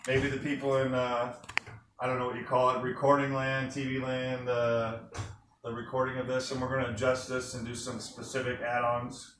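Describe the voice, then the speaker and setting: Though the sales presentation to a small group is enthusiastic and he keeps asking the room questions, this man's medium-pitched voice is monotone and moderately paced. The recording is echoey, distant, and faintly noisy.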